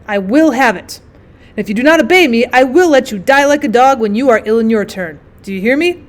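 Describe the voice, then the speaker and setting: A woman's voice: high-pitched, lively intonation, a little fast. A woman voicing a stern, angry male country doctor in a storybook reading, scolding and commanding.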